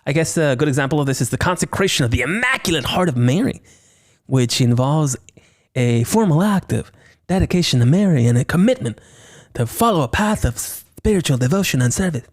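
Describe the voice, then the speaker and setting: Playful, animated man hosting a podcast. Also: a little high, fairly quick. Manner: playful, lively, slips into silly voices and banter with himself. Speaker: podcast host. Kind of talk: solo horror movie review podcast.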